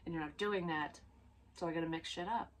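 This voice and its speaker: A woman's voice: low voice, brisk, a little hiss or hum. A woman giving a casual tarot reading, rambling and blunt, swearing freely as she goes. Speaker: psychic tarot reader.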